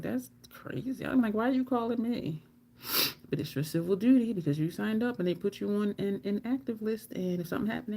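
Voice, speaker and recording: A middle-aged woman telling personal stories casually, laughing often and mimicking others in a squeaky voice. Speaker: storytelling vlogger.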